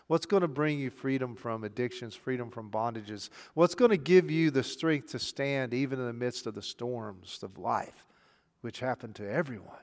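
A man preaching a sermon. He asks rhetorical questions and swings between hushed, intimate passages and emphatic, raised ones. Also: medium pitch. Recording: long hall reverb.

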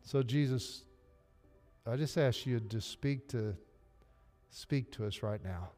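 A male pastor with a Southern US drawl preaches earnestly and speaks straight to his congregation. His voice sits at an ordinary middle pitch and rings out through a church with a long reverb tail. Soft music plays faintly beneath him. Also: slow. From Arkansas. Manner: earnest, direct, addresses the congregation. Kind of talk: sermon. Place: church sanctuary.

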